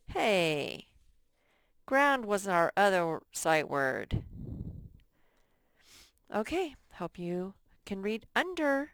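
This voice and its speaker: A woman teaching a sight-word lesson to young children, repeating each word slowly and stressing it in model sentences. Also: fairly low pitch, animated, fairly bright tone, dry recording. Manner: drawn-out, emphatic word modeling and repetition. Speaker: first grade teacher.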